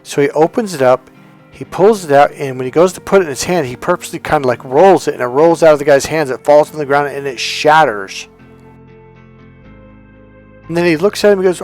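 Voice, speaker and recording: A man's voice: a little high, a little fast, a little mellow, soft background music. Rambling self-help coach, man. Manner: rambling storyteller, restarts and acts out quotes. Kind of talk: casual talk to camera.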